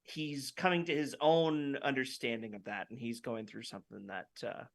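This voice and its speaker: A man co-hosting a casual podcast, reviewing a TV episode and quoting lines in animated voices. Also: medium pitch, normal speed, vocal fry, dry recording. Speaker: podcast co-host.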